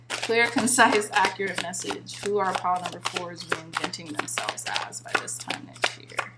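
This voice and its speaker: A woman's voice: on the low side, fairly even intonation, moderate pace, heavy background noise. A woman reading tarot for her viewers, chanting repeated calls to spirit in an earnest, emotionally moved way, recording herself on camera. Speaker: tarot card reader. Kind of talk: pick-a-card tarot reading.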